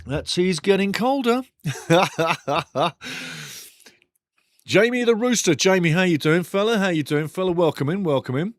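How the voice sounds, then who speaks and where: A UK man runs a live football watch-along stream, joking around, swearing casually and repeating himself amid the match commentary. His voice sits high and sounds animated, a little slow with frequent pauses. It's a dry, studio-quality recording.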